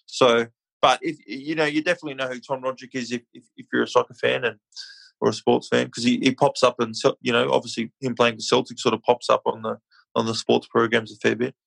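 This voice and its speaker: A man's voice: medium pitch, level tone, fairly quick, vocal fry, a bit bright, no room sound, poor audio. An Australian man chatting casually as a podcast guest, laid-back and easygoing. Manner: laid-back, says mate a lot. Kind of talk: casual chat.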